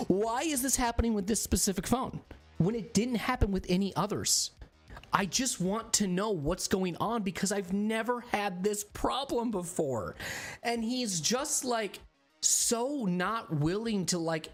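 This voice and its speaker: A man streaming a game who rants to his viewers in casual chat, swearing often and rambling through an animated story. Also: sits high, measured pace, soft background music.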